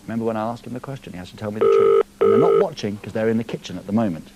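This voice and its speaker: A man's voice: on the low side, very fast, gravelly, very noisy. A man hosting a live TV show from a studio, teasing a caller in a cheeky way. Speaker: TV presenter. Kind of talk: live TV banter.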